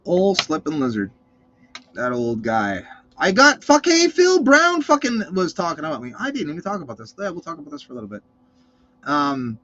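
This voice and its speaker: Male host, slightly high voice, swears constantly, animated rant delivery, muffled lo-fi audio. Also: normal speed, no room sound. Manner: ranting, swearing, animated storytelling. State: cold. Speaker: show host. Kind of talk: casual profane monologue. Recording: slightly muffled dull recording.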